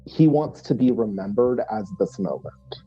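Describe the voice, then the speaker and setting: A man's voice: on the low side, lively intonation, moderate pace, warm tone, slightly rough, lo-fi sound, soft background music. A man playing a tabletop role-playing game, explaining his character's move with many restarts and fillers. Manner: hesitant, many restarts and fillers, laughs often. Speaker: player.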